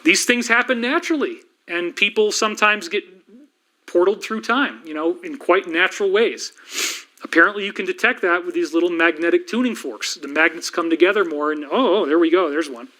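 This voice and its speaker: A middle-aged man hosting a livestream, lecturing rapidly and rambling with frequent restarts. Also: high voice, bright, forceful tone. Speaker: livestream host and researcher. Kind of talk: fast-paced lecture livestream.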